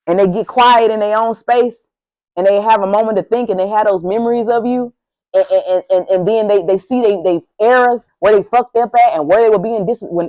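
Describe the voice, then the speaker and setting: A woman's voice: fairly high pitch, darkish tone, rough recording. A woman doing a casual tarot reading to camera, sassy and profane, talking straight to the viewer with lots of animation. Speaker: tarot reader. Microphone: camera mic, speaking to camera.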